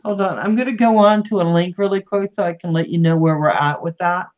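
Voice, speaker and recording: A woman's voice: on the low side, a little fast, narrow, tinny audio. A woman hosting a livestream, chatting casually and greeting viewers with affectionate words. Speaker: livestream host.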